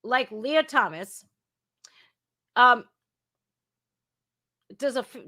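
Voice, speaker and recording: A woman hosting a casual news commentary podcast, blunt, crude and sarcastic, swinging between loud outbursts and muttering. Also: a little high, slow pace, long pauses. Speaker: podcast host.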